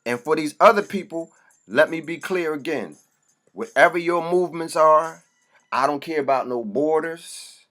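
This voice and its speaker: A man's voice: a little high, moderate pace, a bit bright. Blunt, profane man in an impassioned rant. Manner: blunt and profane, preaching in bursts. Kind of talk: impassioned monologue.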